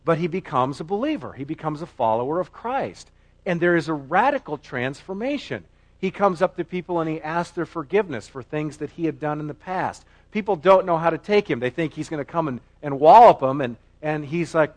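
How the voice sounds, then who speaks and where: Man, pastor, sermon, earnest, emphatic, repetitive, animated pitch. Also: fairly quick.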